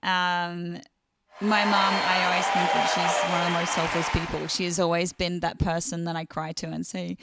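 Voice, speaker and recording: A woman's voice: fairly low pitch, little pitch movement, moderate pace, vocal fry, a bit bright, smooth, no echo, clean studio sound. A woman singer-songwriter hosting her own live stream, chatting casually and reading out viewer comments.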